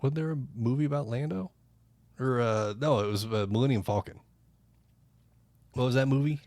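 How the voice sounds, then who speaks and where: A man's voice: mid-range voice, moderate pace, a little mellow, no echo. Rambling, foul-mouthed podcast storyteller man. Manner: rambling storyteller, swears freely. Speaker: podcast co-host. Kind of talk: casual chat.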